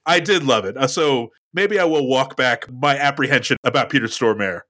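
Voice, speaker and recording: A young man co-hosting a podcast, recapping a film in a wry, animated way. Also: mid-range voice, moderate pace, hardly any pauses. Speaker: podcast co-host. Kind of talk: casual chat, recapping a film.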